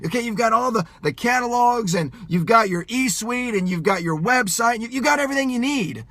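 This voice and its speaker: A middle-aged man giving a fired-up motivational sales pep talk, yelling and hammering home his points with punchy repetition. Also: very high-pitched, expressive, fairly quick, no room sound.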